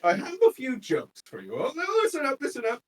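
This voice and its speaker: A game master voicing a brash male stand-up comedian in a tabletop game, telling crude jokes loudly and stretching out the punchlines. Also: sits high, huge pitch swings, voice pushed up. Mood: joking. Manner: loud crude joke-telling, drawn-out punchlines. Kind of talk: tabletop game role-play. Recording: distant mic, faint noise.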